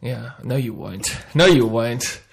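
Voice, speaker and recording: A man with a gravelly, husky voice hosts a casual podcast chat. He acts out little scenes playfully, jumping between hushed asides and loud bursts. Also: mid-range voice, slow pace. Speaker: podcast host.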